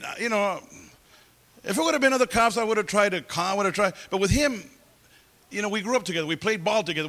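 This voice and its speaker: A man with a high-pitched voice tells his testimony from the pulpit. He is animated, acting out the people he quotes and shifting between loud, pushing bursts and quieter, confiding asides. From California. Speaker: preacher giving testimony. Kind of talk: sermon testimony.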